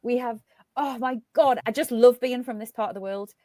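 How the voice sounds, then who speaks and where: A woman's voice: fairly high pitch, normal speed, warm tone, no echo. Passionate Northumbrian woman, dry sound. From Northumberland, North East England. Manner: passionate, emphatic storytelling. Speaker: interview guest. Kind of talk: casual podcast conversation.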